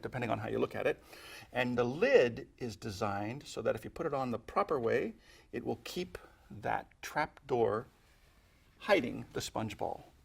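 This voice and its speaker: A man's voice: a little high, gravelly, slightly rough. A man demonstrating sponge-ball magic step by step, chatty and playful, adding little sound effects as he goes. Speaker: magic instructor. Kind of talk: instructional magic tutorial.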